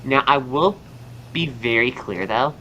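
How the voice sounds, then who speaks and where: A man's voice: mid-range voice, lively intonation, measured pace, muffled recording, background noise. A young man with a Southern American accent hosting a podcast, chatting casually and rambling upbeat with lots of fillers. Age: young adult. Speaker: podcast host and astrologer. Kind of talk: casual chat.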